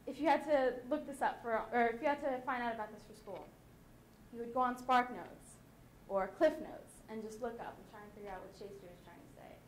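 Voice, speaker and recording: A teenage girl with a high voice gives a chatty, lively talk to her peers. Her voice rings around a roomy school auditorium with a faint hum behind it. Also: brisk. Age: late teens. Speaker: student speaker. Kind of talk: youth conference talk. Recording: echoey hall.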